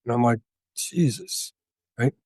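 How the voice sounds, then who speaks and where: A man in his sixties, a guest telling a story in a casual interview, animated and profane, often checking with "right?". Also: medium pitch, normal speed, no room sound, studio quality. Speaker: guest, author and veteran.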